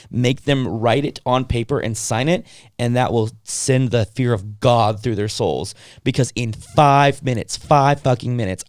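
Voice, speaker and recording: A man's voice: medium pitch, dry recording, clean studio sound. A young man telling a story in casual podcast chat, acting out the people in it, swearing casually and using plenty of fillers. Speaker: podcast co-host.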